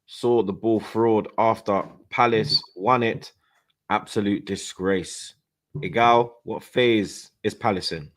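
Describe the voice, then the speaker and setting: A man in casual football banter, teasing and slangy, shouting out viewers from the chat. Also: lowish voice, fairly even intonation, takes it slowly. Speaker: football fan panelist.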